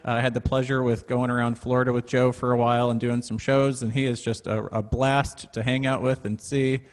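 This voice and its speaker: A man of middling pitch talks through a class's upcoming schedule in a chatty, upbeat way, stopping often on small fillers. His voice comes over a video call. The room around him rings with a long, echoing reverb. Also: little pitch movement, a little fast. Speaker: music center staff host. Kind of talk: casual class announcements.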